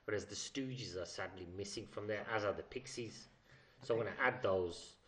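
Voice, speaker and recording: A man's voice: fairly low pitch, normal speed. A young man co-hosting a podcast, chatting casually in a rambling, jokey way that trails off into mumbles. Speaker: podcast co-host. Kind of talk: casual chat.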